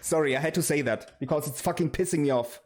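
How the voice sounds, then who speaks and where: A man hosting a casual livestream talk show, rowdy and quick to swear. His voice sits a little high, and he jokes around and cheers loudly with his chat. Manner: loud, joking, swearing, hyped.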